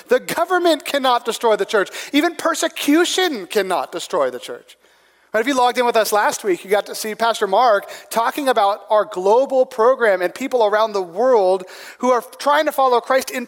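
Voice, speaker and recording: A man's voice: high-pitched, big-room sound. A man preaching a sermon in a conversational way, often asking "right?" to a room with people present. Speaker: pastor.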